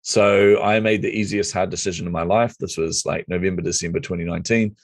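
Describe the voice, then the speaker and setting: Fast-talking deep-voiced New man. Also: dry recording, studio quality. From New Zealand. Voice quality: lively storyteller who acts out quoted dialogue. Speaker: podcast guest. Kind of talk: casual storytelling interview.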